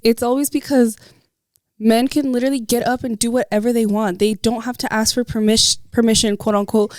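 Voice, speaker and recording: A woman's voice: on the high side, fairly even intonation, a little fast, no echo. A young woman and mother co-hosting a casual podcast, earnest, asking rhetorical questions and dropping Spanish phrases. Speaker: podcast co-host.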